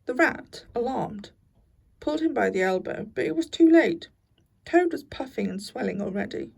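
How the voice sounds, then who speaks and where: Expressive woman reading a children's story aloud. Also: a little high, normal speed, creaky, slightly rough, recorded from a distance, poor audio. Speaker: narrator.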